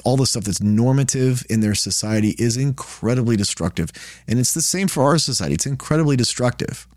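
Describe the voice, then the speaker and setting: A man's voice: mid-range voice, darkish tone, dry recording, studio quality. A man giving a casual Bible study, talking conversationally and often checking in with "right?". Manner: conversational, frequent "right?" and restarts.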